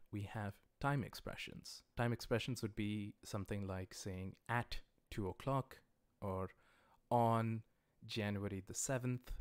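A man teaching a livestreamed language class, explaining grammar patiently and repeating example sentences slowly. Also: fairly low pitch, no room sound. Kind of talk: livestreamed lecture.

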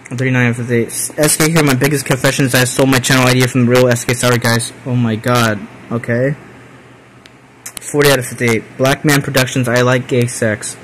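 A young man hosting a livestream, reading viewer confessions aloud and reacting with loud exasperated swearing. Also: medium pitch, a little fast, a little hiss or hum, poor audio. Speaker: streamer host.

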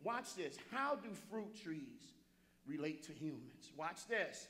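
A pastor preaching a sermon in a church, repeating phrases and calling out to listeners by name. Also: male voice, fairly high pitch, big pitch swings, slow, sharp tone. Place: church sanctuary.

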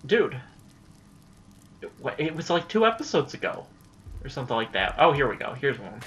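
A young man giving casual let's-play commentary, chatty and easily frustrated, breaking into excited yelling during chases. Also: medium pitch, moderate pace, dull audio, slight background noise. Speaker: gameplay commentator.

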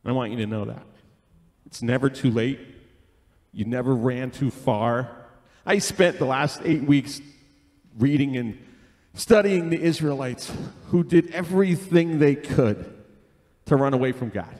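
A man's voice: medium pitch, a little slow, long pauses, darkish tone. A man leading a church service, praying and speaking earnestly and emotionally. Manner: emotional, earnest, tearful at times. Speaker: worship leader. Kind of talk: worship singing and prayer. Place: church sanctuary. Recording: long hall reverb with music. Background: instrumental music.

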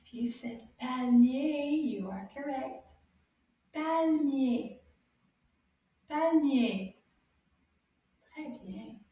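A woman teaching children French words, encouraging them and repeating each word slowly with sound clues. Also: high voice, warm tone, distant mic, dull audio. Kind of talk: slow, drawn-out teaching for kids. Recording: very echoey room, a bit off-mic.

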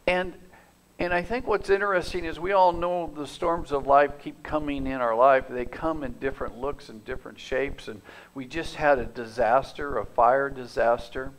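A male pastor telling a story in a sermon, lively in the telling and sinking to a soft, hushed tone when he prays. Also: on the high side, a little slow. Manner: animated storytelling that drops to soft, hushed prayer.

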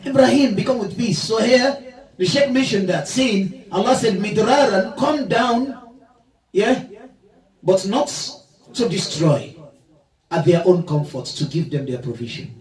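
A man's voice: sits high, a little mellow. A male Islamic lecturer giving a religious talk in a mosque hall, jovial and laughing often as he leads the audience in repetition. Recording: echoey hall, from far off.

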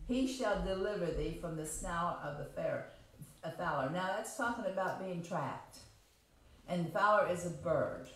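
A woman preacher gives a plain, homespun sermon, reading scripture and then rephrasing it in everyday words. She talks at a medium pitch and asks her listeners questions as she goes. Her voice rings through a very echoey church sanctuary. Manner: repeats and rephrases, reads scripture aloud and explains it.

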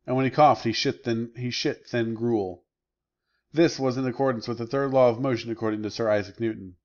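A man, a teacher, reading a novel aloud as audiobook narration, in a measured, unhurried way. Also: medium pitch, dull audio.

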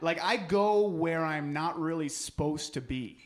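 A man's voice: a little high, unhurried, background noise. A young man doing stand-up comedy at a live show, telling a rambling, self-deprecating story with many restarts. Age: young adult.

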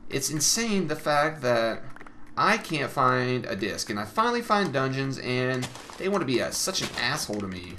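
A man's voice: medium pitch, sing-song, normal speed, pushed and bright, a little hiss or hum. A man giving casual let's-play commentary, frustrated and swearing, talking straight to his viewers. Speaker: gaming channel host.

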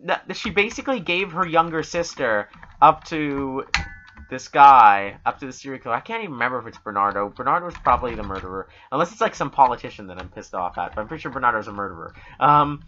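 A man's voice: medium pitch, lively intonation, fast, sharp tone, highs cut off, a little hiss or hum. A Canadian man co-hosting a podcast, rambling and swearing through jokey casual talk. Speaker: podcast co-host.

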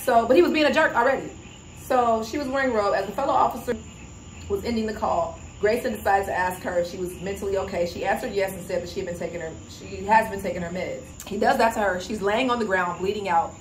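A woman's voice: medium pitch, fast, slight background noise. Indignant woman vlogger, echoey room. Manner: emphatic, indignant retelling. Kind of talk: casual commentary. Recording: echoey room with faint ambience.

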